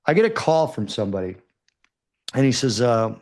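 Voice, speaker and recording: A man spinning a lively anecdote in casual podcast talk, salty and animated, slipping into quoted voices as he goes. His voice sits at an ordinary middle pitch for a man. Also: moderate pace, vocal fry, pauses often. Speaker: podcast guest. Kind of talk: casual storytelling.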